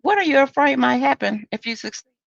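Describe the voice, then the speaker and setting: A woman's voice: high-pitched, animated, brisk, vocal fry, no echo, dull audio. A woman hosting a solo podcast in a candid, conversational, preachy way. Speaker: podcast host.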